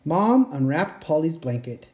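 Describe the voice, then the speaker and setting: A woman reads a children's picture book aloud at bedtime in a low, mellow voice. She takes her time, letting her pitch rise and fall widely. She acts out the sound effects along the way. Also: big pitch swings, measured pace. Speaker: storyteller. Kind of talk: bedtime story read-aloud.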